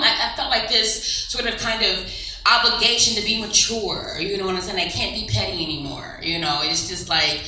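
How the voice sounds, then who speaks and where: A woman in her forties doing open mic stand-up, fast and chatty, rambling with fillers. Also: on the high side, sharp tone, distant mic. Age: 40s. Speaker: stand-up comedian. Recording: echoey room, faint noise.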